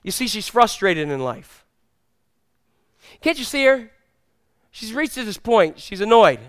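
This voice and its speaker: Preacher guy telling bible stories, high clear voice, dry sound. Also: unhurried, no room sound. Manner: animated storytelling, acts out characters. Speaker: pastor. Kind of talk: sermon.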